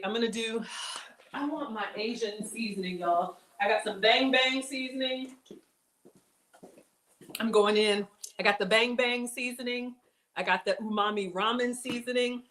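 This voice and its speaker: Bubbly woman hosting a cooking demo. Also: a little high. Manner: bubbly, excitable, chatty, addresses viewers as y'all. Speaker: cooking show host. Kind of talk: casual cooking demonstration.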